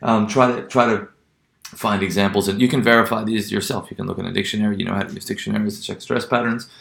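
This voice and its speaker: A man's voice: fairly low pitch, fairly even intonation, quick pace, creaky, a bit bright, reverberant. A man teaching pronunciation in a recorded lecture, hesitant, with many fillers and restarts, often checking in with "right?".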